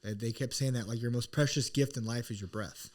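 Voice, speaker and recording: Middle-aged man, podcast co-host, casual storytelling, earnest, reflective, mid-pitched voice. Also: a little fast, a little mellow. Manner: earnest, reflective, full of restarts.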